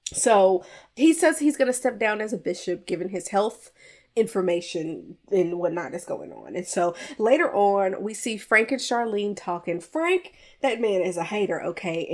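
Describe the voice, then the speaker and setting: A woman hosting a podcast, casually recapping a movie in a chatty, animated way with playful jabs. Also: mid-range voice, normal speed. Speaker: podcast host reviewing a film. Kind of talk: casual chat.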